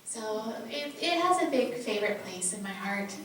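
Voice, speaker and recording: A woman voice actress explaining her craft on a convention panel, lively. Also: mid-range voice, normal speed, noisy background. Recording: echoey hall from far off.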